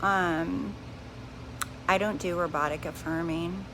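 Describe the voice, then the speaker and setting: Lowish woman's voice going live, talks calm and repeats stuff to viewers, some noise in the background. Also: slow pace. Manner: calm, reassuring, repeats herself, addresses viewers directly. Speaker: livestream host. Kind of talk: live-stream spiritual talk to viewers.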